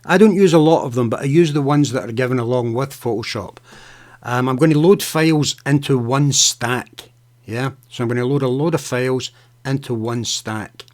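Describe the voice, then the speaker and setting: A man hosting a live software tutorial, chatting casually as he clicks through steps, often saying "okay" and "right". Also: medium pitch, moderate pace. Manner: casual, talks to viewers by name, fillers and okays. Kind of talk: live screen-share tutorial.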